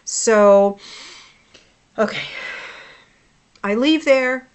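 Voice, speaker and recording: A woman in her forties tells her own story straight to the camera, blunt and full of swearing. She drops into low, grumbling asides, then flares up loud when something sets her off. Her voice sits in an ordinary middle register. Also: expressive, unhurried. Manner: blunt and profane, swinging between low muttering and loud outbursts. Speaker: hypnotherapist. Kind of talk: personal vlog storytelling.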